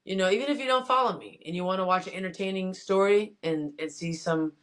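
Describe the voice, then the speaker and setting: A female boxer from Miami appears as an interview guest, chatting casually in an easygoing, joking way while promoting herself. Her voice is medium in pitch, a bit bright, and quick.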